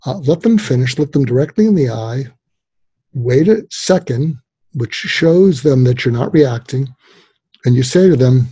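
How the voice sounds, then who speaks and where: A man with a husky, mellow voice explains his advice as an interview guest. He talks in an animated, emphatic way with plenty of "you know" fillers. The recording is dry and close. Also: mid-range voice, unhurried, dry recording. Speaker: guest psychologist and author.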